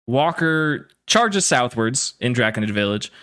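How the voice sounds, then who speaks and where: A man's voice: mid-range voice, very animated, a little slow, sharp tone, clear, resonant tone. A man narrating as game master of a tabletop game in a loose, laughing way, with many fillers.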